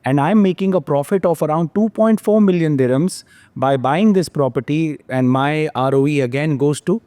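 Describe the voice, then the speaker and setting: A man's voice: on the high side, normal speed, mellow, dry recording. A man hosting a podcast, talking through property figures in an analytical way and checking in with "yeah?". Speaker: podcast host, real estate analyst. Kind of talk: podcast discussion.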